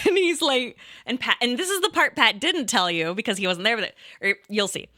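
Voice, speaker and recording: A woman in her thirties casually telling a rambling story, pausing and restarting often and breaking into laughs. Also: on the high side, big pitch swings, sharp tone. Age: 30s. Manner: hesitant, rambling, laughing often, quotes herself and others.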